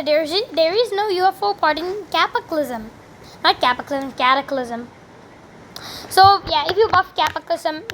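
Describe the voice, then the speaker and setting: A young woman giving chatty, rambling commentary while playing a video game, with sudden loud exclamations. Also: high voice, slight background noise. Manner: chatty, rambling, exclaims loudly when she fails. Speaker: gaming commentator. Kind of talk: live gameplay commentary.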